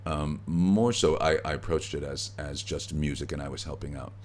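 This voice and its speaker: A middle-aged actor, a guest in an interview, telling stories in a relaxed way with easy laughs, recorded backstage at a theatre. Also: male voice, very deep voice, normal speed. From United States. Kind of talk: conversational interview.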